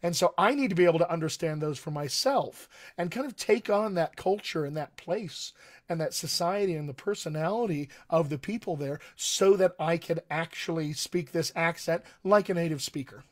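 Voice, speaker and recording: An American man coaches actors over a livestream, talking at a desk mic. He is earnest and emphatic and keeps coming back to his key phrases. His voice sits a little high for a man. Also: moderate pace. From United States. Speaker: dialect coach. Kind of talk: livestream teaching talk.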